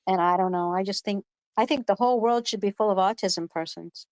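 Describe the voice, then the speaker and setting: A woman's voice: medium pitch, a little fast, darkish tone, no echo. A woman hosting a live online panel in casual chat, rambling and emphatic, swearing freely. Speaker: panel host. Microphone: video call.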